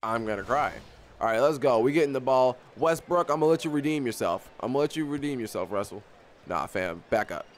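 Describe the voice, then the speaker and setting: A young man giving casual live commentary on his own basketball video game, excitable and often repeating himself as he talks to the players on screen. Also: medium pitch, fairly quick, a little hiss or hum. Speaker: gaming YouTuber.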